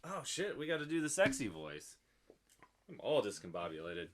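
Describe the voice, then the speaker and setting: A man's voice: mid-range voice, big pitch swings, normal speed, slight background noise. A man co-hosting a casual drinking show, joking around and laughing often. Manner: playful, laughs often, reads labels in a mock voice. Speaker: podcast co-host.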